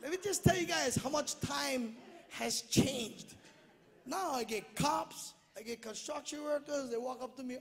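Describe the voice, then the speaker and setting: A middle-aged man from Hawaii, speaking English with a Hawaiian Pidgin accent, doing an animated stand-up comedy routine full of shouted punchlines and acted-out voices. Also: very high voice, measured pace, vocal fry. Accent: Hawaiian Pidgin-tinged English. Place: large theater stage. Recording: live theater with echo, crowd laughter and noise. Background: audience laughing.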